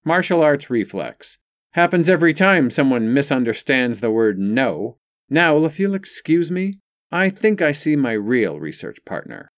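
A sharp young college woman, curt and sardonic, as a male narrator puts her on. The voice is lifted above his own and stays clean and dry. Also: medium pitch, sing-song, unhurried, dry recording, voice pushed up.

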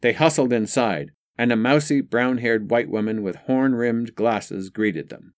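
A man reading a novel aloud as narrator, measured and expressive. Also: mid-range voice, no echo, clean studio sound. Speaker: audiobook narrator. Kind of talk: scripted narration.

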